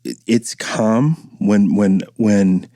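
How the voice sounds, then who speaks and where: A man in his thirties hosts a podcast, delivering a casual monologue of loose, profane stories and acting out quotes. His voice is on the low side, very slow and warm, recorded in clean studio sound with no echo.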